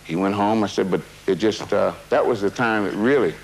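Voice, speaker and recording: Low-voiced man telling an old story. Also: brisk, rough recording. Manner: rambling, with many fillers and restarts; casual, drops "man" into his talk. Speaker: interviewee. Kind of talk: recounting a personal memory.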